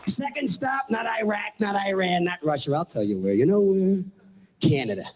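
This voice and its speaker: A stand-up comedian on stage, ranting in a profane, mock-outraged way before a live audience. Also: male voice, high voice, animated, normal speed, a little hiss or hum.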